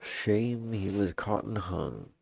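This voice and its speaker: Gruff old sea-captain, put on by a man, Southern drawl, raspy-husky, game journal reading. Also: on the low side, animated, darkish tone, full character voice. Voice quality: gravelly, drawn-out pirate speech. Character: boastful old male pirate captain, gruff.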